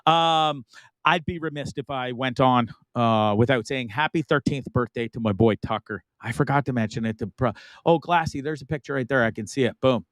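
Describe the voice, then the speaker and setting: A man's voice: mid-range voice, moderate pace, fairly bright tone, dry recording. A middle-aged man from Canada hosting a live online talk show, rambling and enthusiastic in casual chat. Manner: rambling, enthusiastic, frequent laughs and asides.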